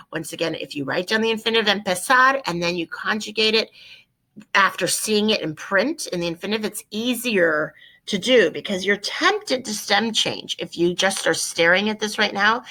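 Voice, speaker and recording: A woman's voice: mid-range voice, pushed and bright, low-quality recording. A woman teaching a Spanish grammar lesson, explaining each step and repeating key points, sometimes spelling words out letter by letter.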